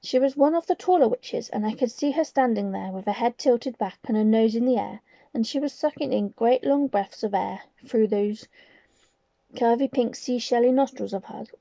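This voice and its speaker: Gravelly-voiced woman reading a storybook. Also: fairly high pitch, normal speed, no room sound, highs cut off. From Cornwall. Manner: expressive, lively storytelling. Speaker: reader.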